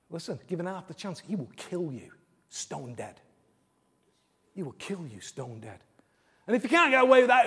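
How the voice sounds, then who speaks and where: A man preaches a sermon in a high, husky voice, repeating his phrases and swinging between loud, quick bursts and quiet, slow lines. The sound has the long reverb of a large hall. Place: church service in a large hall.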